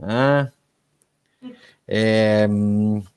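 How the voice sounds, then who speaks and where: A Scottish man hosting a casual live-stream chat, relaxed and chatty, laughing easily and tagging his sentences with "eh?". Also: lowish voice, drawn-out words, clean tone. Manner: relaxed and chatty, ends lines with "eh?".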